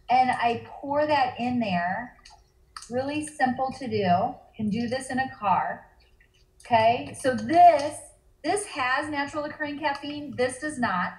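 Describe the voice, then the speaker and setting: A woman in casual chat who eagerly demonstrates drinks and products and talks fast. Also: a little high, reverberant, low-quality recording. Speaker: guest showing products.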